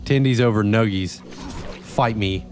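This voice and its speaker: Over music, a man with a lowish voice talks at a measured pace, casually chatting with viewers while he streams a game. His talk is loose, profane, and often rambling.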